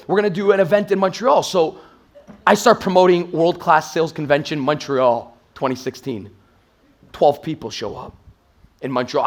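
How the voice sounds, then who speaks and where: A man in his thirties from Toronto, Canada, giving an intense motivational stage talk as a sales trainer and acting out quotes as he tells stories. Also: a little high. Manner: intense, hype-driven storytelling with acted-out quotes. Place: stage in a live event room.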